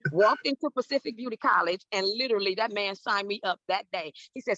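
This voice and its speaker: A woman in her fifties from Southern California, telling stories in an interview and acting out every voice with big jumps in pitch. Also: quick pace, few pauses, a bit bright, no echo, lo-fi sound. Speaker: guest, celebrity hair stylist. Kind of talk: animated storytelling in an interview.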